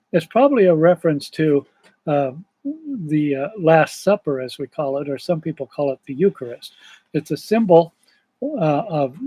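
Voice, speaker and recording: Man, storybook reader, informal explaining asides, fillers, fairly high voice. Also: mellow, husky, dry recording. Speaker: reader of a children's book. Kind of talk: reading a book aloud with commentary.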